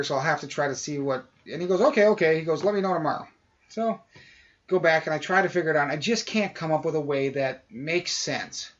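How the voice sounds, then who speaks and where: A man on a podcast telling a long casual story, acting out what people said. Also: fairly high pitch. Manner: animated anecdote-telling, acts out quoted voices. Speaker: podcast co-host. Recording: dull lo-fi audio.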